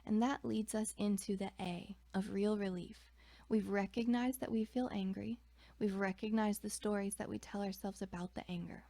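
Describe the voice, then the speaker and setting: A woman teaching about emotions in a gentle guided reflection, often dropping her voice to a soft whisper. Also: medium pitch, vocal fry, no room sound.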